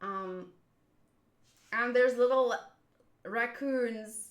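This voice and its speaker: A woman's voice: on the high side, very slow. Chatty woman reading manga aloud. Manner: chatty, laughs and muses aloud. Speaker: manga readthrough host. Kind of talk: casual reading and chat. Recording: roomy echo.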